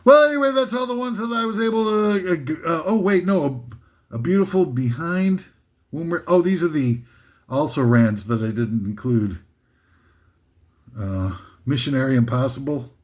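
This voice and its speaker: Rambling man with a higher voice. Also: normal speed. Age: older. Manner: reads titles flatly, laughs at his own jokes, many fillers and restarts. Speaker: host reading a comic list. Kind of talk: rambling deadpan monologue.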